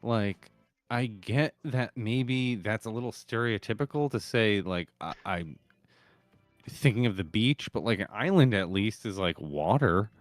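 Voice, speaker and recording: Guest, male, blunt and sweary, pitch swings a lot, dry close sound. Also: animated, a little slow, no echo, faint music behind. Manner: blunt, swears freely, thinks out loud. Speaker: guest game master. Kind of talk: casual chat.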